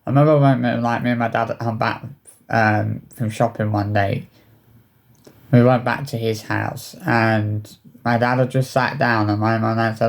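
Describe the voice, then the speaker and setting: A man speaks to camera about his own life. His voice sits at an ordinary middle pitch, and his sentences stall and restart as he searches for words. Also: steady tone, creaky. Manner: halting, hesitant, many restarts. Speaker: vlogger. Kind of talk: personal storytelling to camera.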